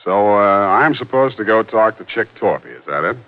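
A man's voice: lowish voice, expressive, normal speed, close to an everyday voice. An actor playing a cynical male private detective, narrating in first person with dry, sardonic wit in 1940s radio acting. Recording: muffled 1940s radio broadcast with music.

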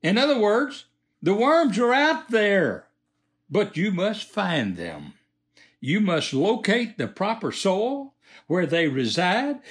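Slow, emphatic man lecturing. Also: sits high. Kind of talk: preachy moral monologue.

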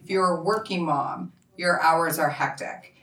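A woman hosting a casual chat, eager and quick to agree with her guest. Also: on the low side, fairly bright tone, recorded from a distance. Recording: roomy echo, voice a bit off-mic.

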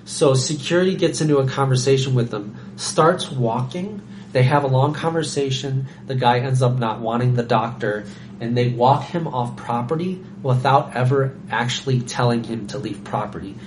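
Young guy guesting on a podcast, animated storytelling, acts out voices, bit of faint noise. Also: medium pitch, moderate pace. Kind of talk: casual chat, storytelling.

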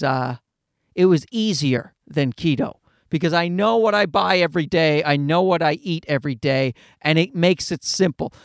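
Guy vlogging, high lively voice that jumps all over, blunt and sweary, keeps restarting. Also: no echo, clean studio sound. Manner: blunt and profane, with many restarts. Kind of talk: casual personal chat to camera.

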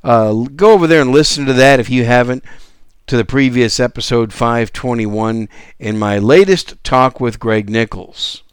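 Casting note: male podcast host, solo monologue, eager and chatty, smooth clear voice, dry close sound. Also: medium pitch, moderate pace, no room sound. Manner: enthusiastic, conversational, with restarts.

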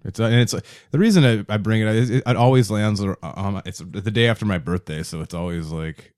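A laid-back young man joins a podcast chat and laughs often. His voice is very low for a man. The sound is dry and close, with no room echo. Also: fast, darkish tone. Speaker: podcast guest. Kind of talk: casual chat.

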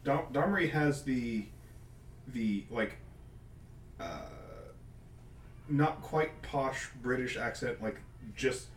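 A man's voice: medium pitch, animated, slow, long pauses. Man, casual podcast chatter, loose and rambling; echoey, off-mic sound. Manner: rambling, many fillers. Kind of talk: casual chat. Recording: roomy, distant mic, faint hum.

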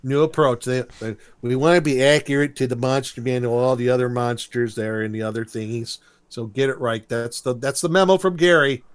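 A man's voice: mid-range voice, brisk, clear, resonant tone. Guy on a podcast retelling a cartoon, laughing a lot, doing silly voices for the lines. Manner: animated, laughing, acts out quotes in silly voices. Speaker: podcast co-host recapping a cartoon. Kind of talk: casual chat.

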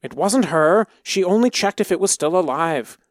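A man voicing a desperate young village boy in a storybook reading, shouting high and frantic. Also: expressive, normal speed, no echo, clean studio sound.

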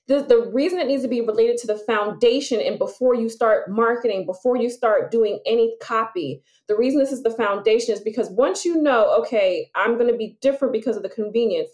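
A woman, hosting a casual solo podcast as a business coach, chatty and lively, laughing often as she talks. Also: mid-range voice.

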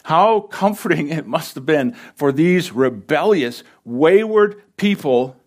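A man's voice: a little high, animated, measured pace. A man preaching an earnest sermon from a church stage, using repetition to drive his points home. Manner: earnest, builds emphasis through repetition. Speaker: pastor. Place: church stage under lights.

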